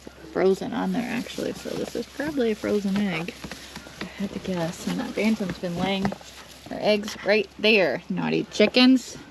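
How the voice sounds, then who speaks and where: Gravelly-voiced woman chatting in a barn. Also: medium pitch, normal speed. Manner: coos and baby-talks to her goats. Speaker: farm vlogger. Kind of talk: casual farm vlog chat. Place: outdoors and in a barn with goats. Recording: noisy barnyard recording with goat bleats.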